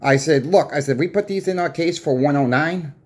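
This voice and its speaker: Speaking a little fast in a slightly high, darkish voice, a man who runs a coin shop recounts a dispute with a customer. The casual, plain-spoken vlog story is full of "I said" and "I says."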